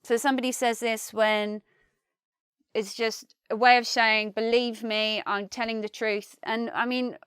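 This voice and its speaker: A woman teaching an online English lesson, explaining slang phrases in an animated way and acting out angry examples. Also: fairly high pitch, unhurried, clean tone, no echo, clean studio sound.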